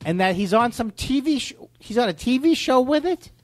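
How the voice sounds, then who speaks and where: Animated high-voiced comedian man. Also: brisk. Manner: animated, jumps into mocking impressions. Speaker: comedian guest. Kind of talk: casual comedy chat.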